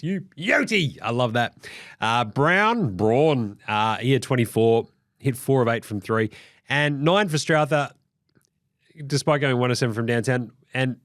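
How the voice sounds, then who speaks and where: A young Australian man hosting a casual sports recap, sweary, excitable and jokey. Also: medium pitch, dry recording, studio quality. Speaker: host.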